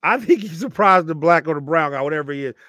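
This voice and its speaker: A man co-hosting a podcast, telling a story in a lively way, laughing often and acting out what people said. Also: on the high side, quick pace, no echo, clean studio sound. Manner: animated storyteller, laughs often, acts out quotes. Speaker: podcast co-host. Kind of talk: casual chat, storytelling.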